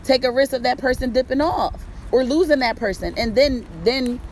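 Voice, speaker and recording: A woman talks loud and blunt, swearing freely as she gives relationship advice in a streetwise, conversational way. Her voice sits a little high. Faint city traffic hums behind her outdoors. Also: normal speed, rough recording. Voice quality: loud-talking. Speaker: host. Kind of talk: casual relationship advice talk.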